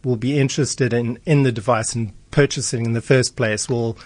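A man, a guest in a radio interview, speaking in a relaxed way with many ums. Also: medium pitch, moderate pace, no room sound. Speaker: guest, product distributor.

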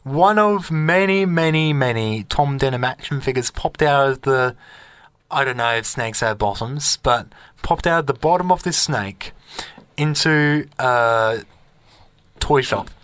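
Male radio co-host, animated storyteller who acts out voices, dry studio mic. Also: medium pitch, measured pace, smooth, no room sound. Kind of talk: casual on-air storytelling. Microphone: studio microphone.

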